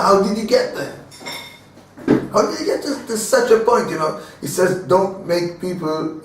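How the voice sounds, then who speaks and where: A man teaching a Torah class in a halting, earnest way, with many fillers and restarts. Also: high-pitched. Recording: echoey room, voice from a distance.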